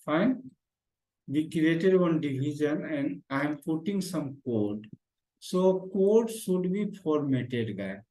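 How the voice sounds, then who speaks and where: A programming teacher leads a beginner HTML lesson over screen share, repeating phrases and addressing the class as "guy." His voice is slightly high with a darkish tone, and the recording is rough and reverberant.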